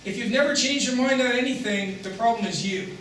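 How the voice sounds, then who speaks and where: Guy cracking jokes at a seminar, high-ish voice, super echoey hall, mic far off and noisy. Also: fairly quick, fairly bright tone. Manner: joking, conversational, frequent restarts. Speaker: guest speaker at a seminar. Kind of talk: lecture with jokes. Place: hall with audience.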